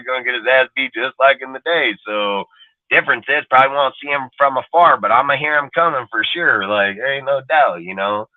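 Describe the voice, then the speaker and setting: A man's voice: mid-range voice, no echo. Man, blunt profane rant, casual talk, tinny phone-line sound. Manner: blunt, heavy swearing, repeats "dude" and "like". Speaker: podcast co-host.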